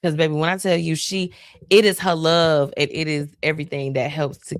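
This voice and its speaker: A woman's voice: low-pitched, a little fast, creaky, no room sound, studio quality. A woman hosting a live stream, talking casually and emotionally about her friends. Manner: chatty, heartfelt, emotional. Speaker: host.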